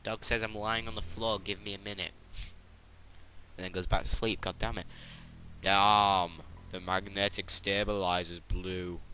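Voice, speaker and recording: A man chats his way through a video game, joking and rambling and teasing himself. His voice is low, with a bright, forceful edge. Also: little pitch movement, brisk, pauses often, slight background noise. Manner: joking, rambling, self-mocking chatter. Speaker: let's play gamer. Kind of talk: casual gameplay commentary.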